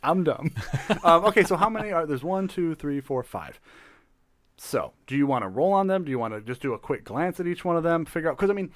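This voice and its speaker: A young man co-hosting a podcast in casual banter, playful and teasing, quick to laugh. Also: on the high side, lively intonation, a bit bright, dry recording. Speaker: podcast co-host.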